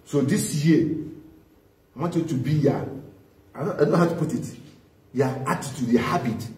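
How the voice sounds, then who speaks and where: A man's voice: on the high side, lively intonation, moderate pace, a little mellow. A man preaching a fervent bilingual sermon in a church hall, switching between English and Spanish and often repeating himself. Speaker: pastor. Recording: echoey church hall, mic at a distance.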